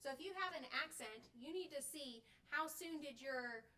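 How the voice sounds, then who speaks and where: Bright, high woman teaching from afar. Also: normal speed, far from the mic. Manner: explains with frequent "okay?" and "right?" checks. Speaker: clinician teaching band directors. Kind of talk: live workshop demonstration. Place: workshop room. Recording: voice from off the mic.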